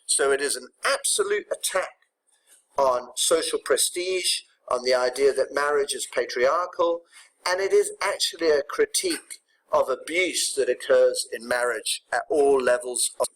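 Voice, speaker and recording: Brisk man teaching a poetry lesson. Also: mid-range voice, fairly bright tone, low-quality recording. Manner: brisk, explanatory, with tag questions to students. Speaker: English teacher.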